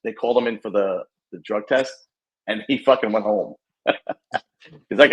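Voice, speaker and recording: A man's voice: fairly low pitch, fairly bright tone. Stammering male podcast host. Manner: stammering, halting restarts. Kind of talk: casual chat.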